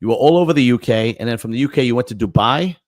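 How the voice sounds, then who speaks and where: A man's voice: mid-range voice, rapid-fire, dry recording. A man hosting a casual podcast chat, telling a story full of swearing and acting out the people in it. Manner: profane, animated storyteller acting out quotes. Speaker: podcast host.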